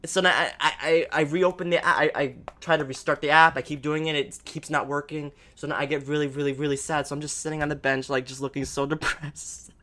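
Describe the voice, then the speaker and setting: A podcast co-host chatting casually, an excitable storyteller who rambles with lots of fillers and gasps. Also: medium pitch, fairly quick, few pauses. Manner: excitable storyteller, gasping and acting out reactions.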